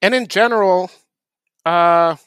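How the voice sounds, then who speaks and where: A man talking very slowly in a bright, crisp voice, co-hosting a podcast with a deadpan, dry wit. His words come across close and dry. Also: high voice, dry recording. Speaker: podcast co-host. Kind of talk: casual podcast chat.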